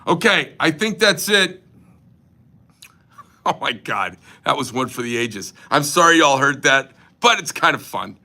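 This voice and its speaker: A man's voice: mid-range voice, expressive, normal speed, bright, forceful tone. A man, a knife company owner, talking in a profane, joking, rambling style on a casual livestream. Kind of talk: casual crude livestream rant.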